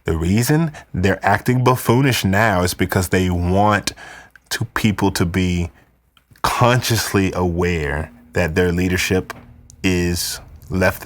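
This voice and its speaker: A man hosting a live podcast, ranting in an animated, conspiratorial way. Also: sits low. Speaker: podcast host. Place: indoors, wearing headphones.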